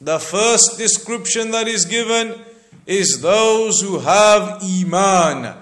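A man giving a slow, deliberate religious lecture that explains scripture verse by verse and repeats points for emphasis. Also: sits high, animated, a bit bright. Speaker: Islamic teacher.

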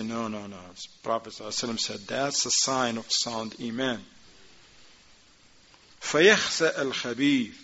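A man teaching a class, reading Arabic passages quickly and then explaining them in informal, conversational English while asking his students questions. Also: mid-range voice, a bit bright. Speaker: religious teacher. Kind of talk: class explaining a religious text. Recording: dull lo-fi recording.

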